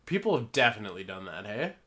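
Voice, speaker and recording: A man's voice: fairly low pitch, very animated, fast talker, sharp tone. A young man hosting a podcast, chatting casually and rambling with laughs. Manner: rambling, laughs often, fillers. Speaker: podcast host. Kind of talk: casual chat.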